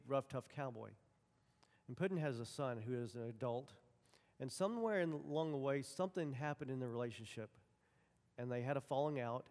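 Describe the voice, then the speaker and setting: A man's voice: mid-range voice, a little mellow. A man preaching a sermon, telling folksy personal stories and acting out the dialogue. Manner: folksy storytelling, acts out dialogue. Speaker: pastor. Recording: long hall reverb.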